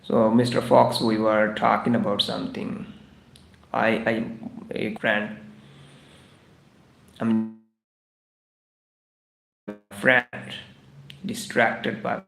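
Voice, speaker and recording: A man's voice: lowish voice, level tone, very slow, vocal fry, pauses often, fairly bright tone, roomy sound. A man teaching English idioms on a live stream, repeating each phrase several times in broken English. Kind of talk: livestreamed English idiom lesson. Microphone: live stream microphone.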